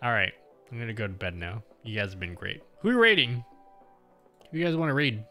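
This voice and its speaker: A man's voice: lowish voice, expressive, fast, bright, forceful tone. A young Australian man hosting a casual livestream, rambling to his viewers with lots of fillers and restarts. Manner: rambling, self-interrupting with many fillers. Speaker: livestream host. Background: faint music.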